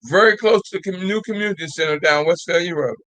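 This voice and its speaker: An older man hosts a live call-in show, urging his listeners on and repeating himself as he goes. His voice sits high and sounds bright and forceful. The sound is dry and close. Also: fast, dry recording, rough recording. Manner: exhorting and repetitive, drawls folksy "y'all". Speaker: host of a call-in talk show. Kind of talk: casual live call-in talk.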